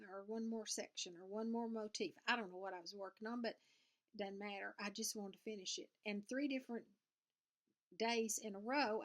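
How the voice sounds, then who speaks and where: This older woman speaks with a Southern US accent in a medium-pitched, slightly bright voice. A cross-stitch vlogger, she chats to camera from her sewing room at home in a loose, folksy, rambling style.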